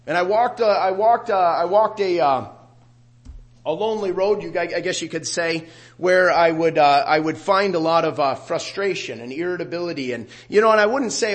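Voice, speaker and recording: A middle-aged man preaching a sermon, growing loud and animated when he quotes scripture. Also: sits high, moderate pace. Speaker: pastor.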